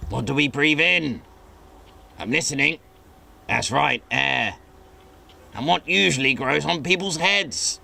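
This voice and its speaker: A man's voice: medium pitch, gravelly, sharp tone, full character voice. Man doing a posh old wing-commander teddy. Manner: plummy, pompous, drawn-out exclamations.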